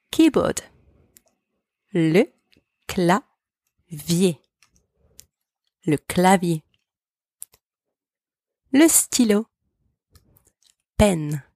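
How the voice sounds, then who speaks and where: A woman's voice: lowish voice, warm tone, dry recording, clean studio sound. A woman hosting a language podcast, carefully pronouncing vocabulary words for listeners to repeat. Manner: slow, careful enunciation of words. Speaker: French teacher, podcast host. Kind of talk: language lesson with repeat-after-me drills.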